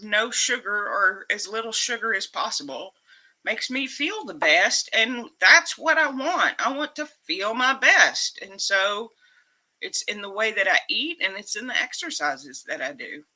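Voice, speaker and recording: A woman's voice: medium pitch, expressive, a little slow, sharp tone. A woman hosting a casual livestream from home, emotional and upbeat, laughing often as she chats. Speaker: livestream host.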